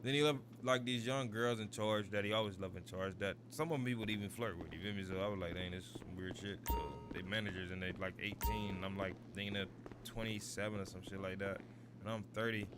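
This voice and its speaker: A man's voice: lowish voice, steady tone, fast, over music. A man in his thirties telling a long, rambling story while streaming a game, constantly asking "you feel me". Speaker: gaming streamer. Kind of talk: casual storytelling over gameplay.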